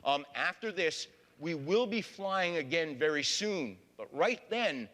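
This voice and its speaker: A man's voice: fairly high pitch, lively intonation, a little slow, a bit bright. A man giving a public history talk as a lecturer, folksy, often addressing the audience as folks. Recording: long hall reverb.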